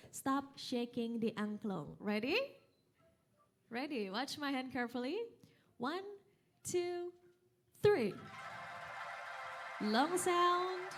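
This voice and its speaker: A young woman with an Indonesian accent and Sundanese as her first language leads an audience workshop in a hotel event hall. Her voice sits quite high, lively and coaxing as she counts out beats and calls commands. Faint music drifts in behind her. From West Java, Indonesia. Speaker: angklung instructor.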